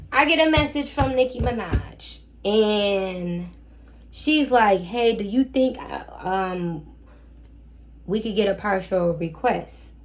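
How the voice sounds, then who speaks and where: A young woman hosting a casual storytime vlog about her rental guests, talking in a sassy, animated way with slangy asides to the viewer. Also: medium pitch, creaky. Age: young adult. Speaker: short-term rental host.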